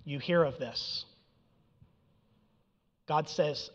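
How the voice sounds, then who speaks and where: Preaching in a hall with long reverb and a dull sound, a male pastor keeps his sermon conversational and often asks "right?" or "okay?". He has a fairly high, fairly bright voice and talks at a moderate pace.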